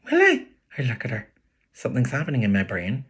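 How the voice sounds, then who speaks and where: Husky Belfast man reading his novel. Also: mid-range voice, fast talker. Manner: first-person storytelling, expressive. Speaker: author.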